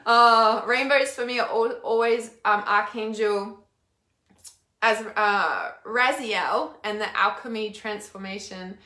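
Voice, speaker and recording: Bright-voiced woman swearing on a live stream. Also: medium pitch, takes it slowly, reverberant. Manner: blunt, swears freely, rants with emphatic repetition. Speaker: intuitive healer and mentor hosting a live stream. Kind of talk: casual live-stream chat reading comments.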